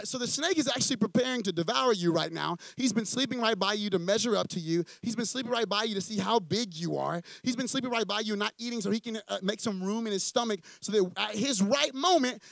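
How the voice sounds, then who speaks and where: A young male pastor with a high voice and a gravelly edge delivers a sermon in church. He tells the story casually, restarting and doubling his words. The sound is dry and close. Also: a little fast, few pauses, no room sound. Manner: casual and animated, acting out quoted characters in storytelling; frequent restarts and repeated words.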